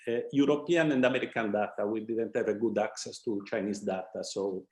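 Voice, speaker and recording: A man's voice: fairly low pitch, steady tone, fairly quick, a little mellow. Male professor, casual explaining, keeps asking "okay?", roomy echo. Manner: conversational, with tag questions like "okay?". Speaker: professor on a panel. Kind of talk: round-table discussion. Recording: echoey room sound.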